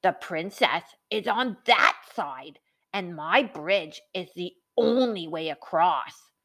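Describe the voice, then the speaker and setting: A woman voicing a gruff, greedy male troll in a storybook. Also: lowish voice, animated, slow pace, fairly bright tone, full character voice. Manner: gruff, demanding, growling.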